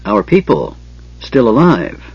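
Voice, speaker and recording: Young chieftain woman, proud, grieving, emotional, read by a man, husky voice, dry sound. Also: medium pitch, huge pitch swings, slow pace, no room sound, highs cut off, voice pushed up, exaggerated voice. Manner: emotional, pleading then angry.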